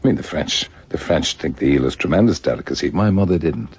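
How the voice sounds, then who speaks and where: A man's voice: rumbling low, expressive, quick pace, darkish tone, husky. An older Irish man telling stories in a radio conversation, laughing often and slipping into little voices. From Ireland. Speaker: guest author.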